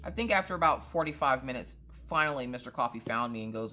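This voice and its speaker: A woman vlogger chatting casually, rambling through an animated story with frequent asides. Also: rumbling low, fast talker, a little hiss or hum. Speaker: crafting vlogger. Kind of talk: casual chat.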